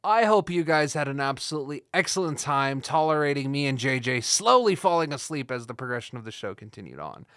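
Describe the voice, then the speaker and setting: A man's voice: mid-range voice, sing-song, brisk, hardly any pauses, fairly bright tone, clean tone, dry recording, clean studio sound. Tired, profane young podcast guy. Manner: rambling, profane, joking. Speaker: podcast co-host. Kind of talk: casual chat.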